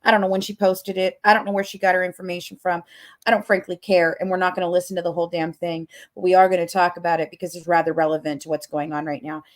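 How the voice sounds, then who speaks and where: Woman, low-pitched, profane, fiery, casual livestream rant, sleepless. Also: flat delivery, quick pace. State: has not slept. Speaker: livestream host.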